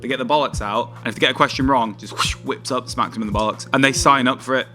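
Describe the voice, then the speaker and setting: A man's voice: medium pitch, steady tone, fast, sharp tone, faint music behind. A young man in casual podcast chat, retelling stories through laughter. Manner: storytelling, laughing. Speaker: co-host. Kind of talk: casual banter.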